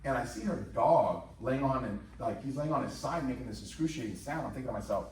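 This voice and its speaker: Fast-talking man pitching in an echoey room. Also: far from the mic, a little hiss or hum. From Indiana. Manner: fast, joking, asks the audience questions. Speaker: presenter. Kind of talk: sales presentation to a live audience. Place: company office meeting room.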